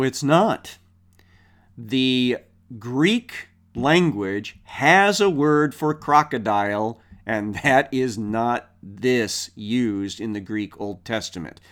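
A man teaching a Bible passage verse by verse, reading the scripture aloud and then explaining it in a conversational way, with rhetorical questions and frequent fillers. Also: mid-range voice.

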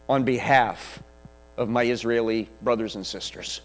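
A man preaching a sermon as a pastor, with slow, emphatic delivery. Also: medium pitch. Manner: slow, emphatic preaching that drops to a quiet prayer. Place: church sanctuary. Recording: echoey church hall with mains hum.

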